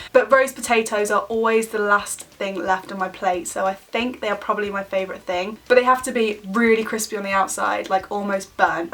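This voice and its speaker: A young woman with a British accent talks straight to camera in a relaxed, giggly way. She fills her answers with casual fillers and rambling asides, chatting as if to a friend. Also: medium pitch. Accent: British English. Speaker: vlogger. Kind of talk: casual chat answering a tag video.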